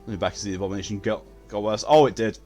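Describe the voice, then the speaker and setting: A man's voice: fairly low pitch, very fast, warm tone, soft background music. Sweary, chatty male game streamer. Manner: blunt and sweary, chatting with viewers while playing. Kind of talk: casual live-stream chat.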